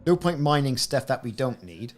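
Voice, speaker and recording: A man's voice: medium pitch, very animated, normal speed. A man giving chatty, rambling live-stream commentary while playing a game. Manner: chatty, rambling, self-interrupting. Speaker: gaming streamer.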